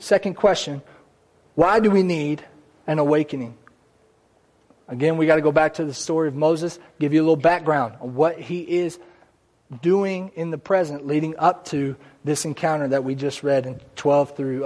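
A man's voice: a little high, a little mellow. A man preaching a conversational church sermon, with asides and small jokes along the way. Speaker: pastor. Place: church sanctuary.

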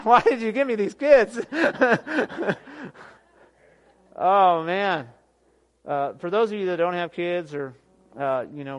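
A man in his thirties preaching a sermon as pastor, emphatic, swinging from near shouts to quiet, often asking "guess what". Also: on the high side. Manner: emphatic preaching, rising to near shouts then dropping soft; repeats "guess what" and laughs at his own jokes.

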